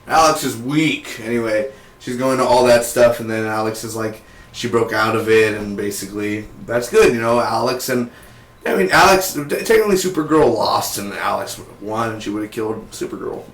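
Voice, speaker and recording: Young male reviewer, slangy and rambling, mid-pitch voice, echoey room. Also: moderate pace. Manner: excitable, slangy, rambling with fillers. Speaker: TV show reviewer. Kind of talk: casual recap. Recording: roomy echo.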